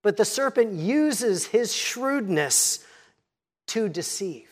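A pastor preaching a sermon, teaching in a measured tone and reading scripture aloud. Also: mid-range voice, animated.

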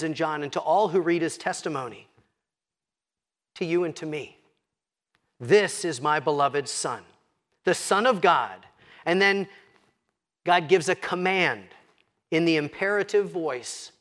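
A man preaching a sermon as pastor, slowing down and dropping to a hush when quoting scripture. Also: high-pitched. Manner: expressive, slows and drops to a hush for quoted scripture.

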